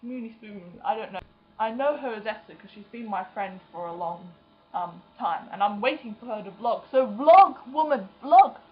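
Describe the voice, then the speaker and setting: A young woman vlogging in casual chat, self-mocking and quick to act out other people's voices. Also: medium pitch. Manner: chatty and self-mocking, acting out friends' voices. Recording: dull lo-fi webcam sound.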